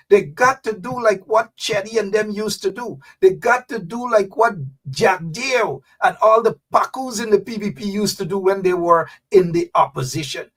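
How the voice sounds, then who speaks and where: A man's voice: high voice, fairly bright tone, breathy edge, far from the mic. A man hosting fiery, mocking political commentary, talking straight to his audience. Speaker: host.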